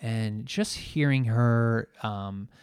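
A man's voice: medium pitch, extremely slow, darkish tone, smooth, dry recording, studio quality. A middle-aged man hosting his podcast alone, reflecting earnestly and a little emotionally, with many fillers and restarts. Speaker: podcast host and coach. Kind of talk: reflective solo podcast talk.

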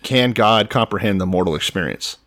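A man's voice: fairly low pitch, lively intonation, fairly quick, a bit bright. A man co-hosting a podcast, walking through scripture chapter by chapter in casual chat with wry remarks. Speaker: podcast co-host.

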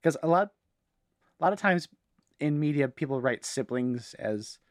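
A man co-hosting a casual podcast chat, relaxed and quick to laugh. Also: a little high, no echo, clean studio sound. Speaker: podcast co-host.

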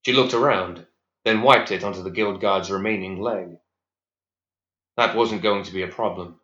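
A man reading a dark story aloud in a measured, even storytelling voice. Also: low-pitched. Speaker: narrator. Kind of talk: scripted audiobook narration. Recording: echoey, slightly dull recording.

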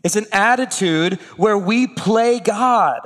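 Man, sermon, high voice, conversational preaching, long hall reverb. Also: takes it slowly, fairly bright tone. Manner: conversational preaching with acted asides. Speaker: pastor.

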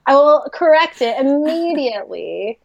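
A woman from the American Midwest with a Midwestern accent, co-hosting a podcast in animated, self-mocking casual chat. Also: high voice, a little slow, gravelly, dull audio. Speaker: podcast co-host.

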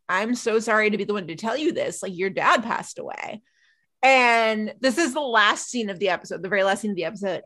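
A woman hosting a podcast, retelling a TV episode in casual chat and acting out the characters' lines. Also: mid-range voice. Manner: animated, acts out characters' lines while retelling. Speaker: podcast host.

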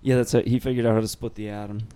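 A man's voice: fairly low pitch, flat delivery, racing, warm tone, a little hiss or hum. A man in casual podcast chat, skeptical and argumentative, dismissing claims. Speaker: podcast co-host.

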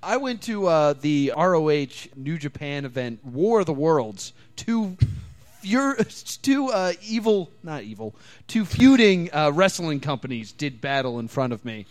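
Man, podcast host, high voice, swoops up and down, animated storyteller. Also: normal speed. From New Jersey. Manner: animated storyteller, laughs often. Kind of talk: casual chat.

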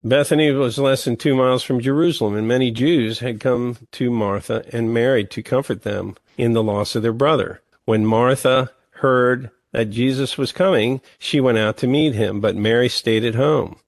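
A man with a medium-pitched voice preaches, reading scripture slowly and breaking in between passages with emphatic, lively remarks. The recording is dry.

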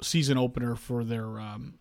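Animated storytelling man in his forties. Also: medium pitch, normal speed, vocal fry. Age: 40s. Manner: animated storytelling, acts out quoted dialogue. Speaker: podcast co-host. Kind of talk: casual chat.

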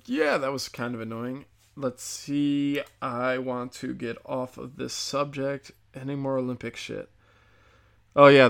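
A man's voice: medium pitch, gravelly, a bit bright. A man ranting casually and bluntly on his own show, profane, sarcastic and rambling from point to point. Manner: rambling with restarts. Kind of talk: casual solo rant.

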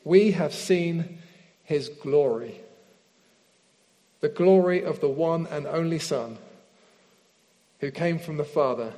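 A man preaching a sermon, leading a prayer and reading scripture slowly and earnestly. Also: on the high side. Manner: earnest, slows down and softens in prayer. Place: church hall with screen behind speaker. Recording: long hall reverb.

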